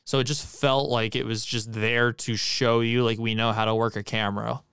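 A man's voice: mid-range voice, little pitch movement, normal speed, a bit bright, clean tone, no echo, clean studio sound. A man co-hosting a podcast, giving a blunt, profane, emphatic movie critique in casual chat. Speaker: podcast co-host.

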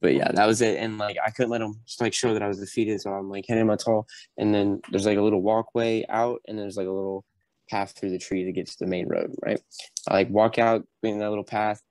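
Lively young man telling stories. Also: on the low side, brisk, no room sound. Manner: animated, acts out drill instructors. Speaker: podcast guest. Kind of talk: casual storytelling.

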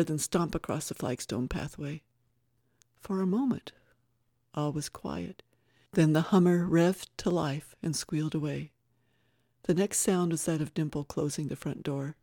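A woman narrating a novel in a measured, even reading manner. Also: low-pitched, no room sound, studio quality. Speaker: audiobook narrator. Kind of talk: scripted narration.

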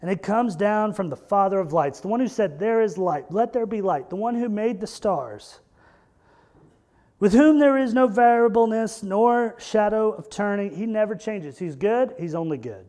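Guy preaching a sermon, pretty high voice, earnest, keeps repeating lines and building up loud. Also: lively intonation, normal speed. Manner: earnest preaching, repeating phrases, rising to loud emphatic peaks. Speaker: pastor.

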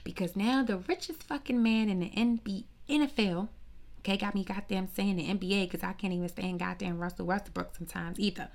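A woman ranting about celebrity gossip in a sassy, profane monologue. She talks straight to her listeners, firing off rhetorical questions and call-outs. Her voice sits at an ordinary middle pitch. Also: brisk, vocal fry. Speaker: commentator. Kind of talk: casual celebrity gossip rant.

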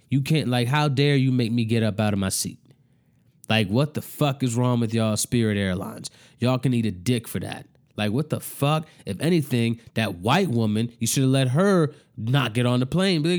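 A man's voice: medium pitch, animated, moderate pace, a little mellow. A man ranting angrily to camera, swearing heavily and repeating himself in exasperation. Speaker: vlogger. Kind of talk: profane rant to camera.

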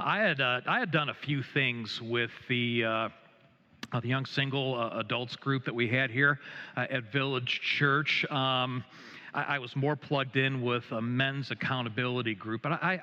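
A middle-aged man preaching a sermon as a pastor, telling a gently humorous story with many hesitations and restarts. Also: medium pitch, long reverb tail, highs cut off. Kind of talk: sermon with personal anecdote. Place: church sanctuary.

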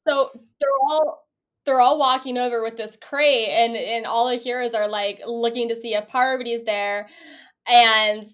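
A woman co-hosts a podcast, recapping a reality show in a casual, animated chat full of laughter and offhand swearing. Her voice is a little high and a bit bright, with a steady tone and measured pace.

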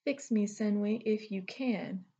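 A woman's voice: mid-range voice, a little slow, dark tone, dull audio, pitched above the performer's own voice, natural voice. A woman voicing an arrogant, sarcastic male elemental king who speaks in a curt, contemptuous, mocking way. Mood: scornful.

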